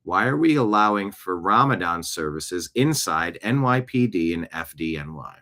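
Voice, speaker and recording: A man's voice: low voice, lively intonation, moderate pace, bright, forceful tone. A man hosting a talk show, giving scornful, emphatic opinions on the news. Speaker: show host.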